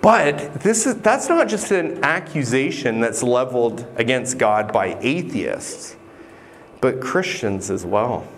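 A man's voice: mid-range voice, sing-song, slow pace, slight background noise. A man preaching a sermon in an earnest, conversational way, sometimes restarting a phrase. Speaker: pastor.

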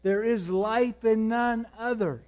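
A man preaching a sermon, moving between quiet, intense passages and raised, emphatic ones. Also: high-pitched, takes it slowly. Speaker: pastor.

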